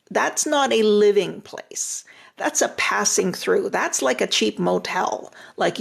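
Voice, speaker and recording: An older woman with a deeply gravelly, husky voice gives relationship advice on a live stream. She talks directly and reassuringly, often repeating a phrase for emphasis. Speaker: retired relationship therapist giving advice.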